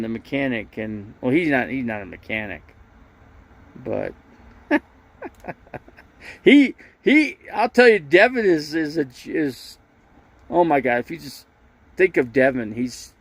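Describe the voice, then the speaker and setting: A man telling rambling, funny stories in a casual livestream, often laughing, stammering and restarting his sentences. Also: mid-range voice. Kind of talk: casual storytelling.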